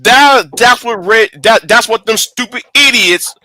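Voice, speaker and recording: Animated angry man ranting, bright voice. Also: very high-pitched, measured pace, dry recording. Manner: angry, profane, repeats and restarts words. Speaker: channel host. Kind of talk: casual livestream rant.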